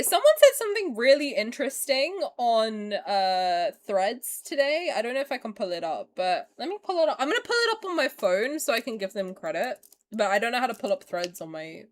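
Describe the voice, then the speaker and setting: A young woman streamer in casual reaction chat, profane, excitable and dramatic. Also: a little high. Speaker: streamer reacting to game trailer.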